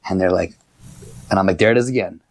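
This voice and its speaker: A middle-aged man, a youth wrestling coach, telling camp stories in an animated podcast interview and acting out his own yelling. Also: fast talker. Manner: high-energy, acts out his own yelling at camps.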